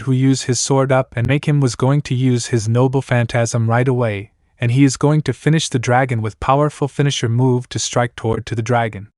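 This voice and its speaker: A man reading fan fiction aloud in a plain, steady storytelling voice with broken grammar. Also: medium pitch, no room sound, studio quality.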